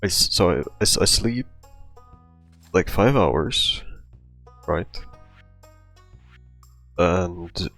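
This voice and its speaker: A man's voice: deep voice, lively intonation, extremely slow, long pauses, fairly bright tone, faint music behind. A man telling a rambling personal story in casual talk, out of breath, often restarting his sentences. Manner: rambling, with many restarts and fillers. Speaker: storytime vlogger.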